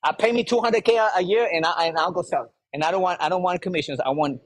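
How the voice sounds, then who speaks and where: A man giving an energetic, motivational sales talk to a live audience, speaking straight to the crowd. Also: sits high. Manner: energetic, fast-talking, addresses the crowd directly. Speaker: sales coach leading a live workshop.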